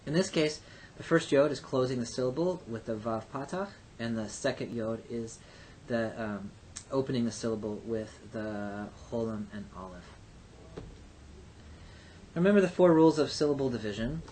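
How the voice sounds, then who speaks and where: Methodical male language teacher, faint rumble. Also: moderate pace, a little mellow. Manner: methodical, explains step by step with frequent uh and um. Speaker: Hebrew teacher. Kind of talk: recorded grammar lecture.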